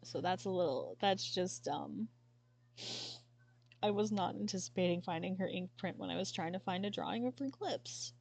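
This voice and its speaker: A woman streamer chatting casually and haltingly, sometimes tearful and apologizing. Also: on the low side, creaky, darkish tone. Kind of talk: casual chat while showing a sketchbook.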